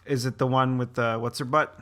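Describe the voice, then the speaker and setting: A man's voice: medium pitch, little pitch movement, fairly quick, bright, forceful tone. A man co-hosting a podcast in casual chat, teasing and sarcastic, on a table microphone. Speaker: podcast co-host.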